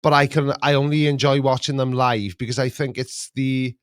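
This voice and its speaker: A man's voice: mid-range voice, level tone, moderate pace, clean tone, dry recording, studio quality. A man hosting a casual live stream, chatting in a rambling, jokey way with many restarts. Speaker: host.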